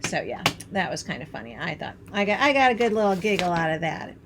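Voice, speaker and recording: A woman's voice: on the low side, very animated, fast, background noise. Chatty woman from Wisconsin demonstrating crafts. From Wisconsin, USA. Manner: bubbly, chatty, laughs at herself, talks while working. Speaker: craft tutorial host.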